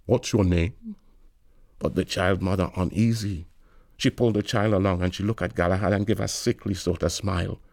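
Low gravelly male narrator. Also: steady tone, brisk, darkish tone, no echo, clean studio sound. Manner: lilting, storytelling in dialect. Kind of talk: audiobook narration.

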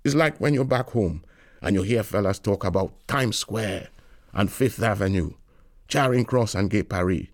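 Man, wry lilting narration, gravelly, dry sound. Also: on the low side, normal speed, dry recording. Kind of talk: audiobook reading of literary fiction.

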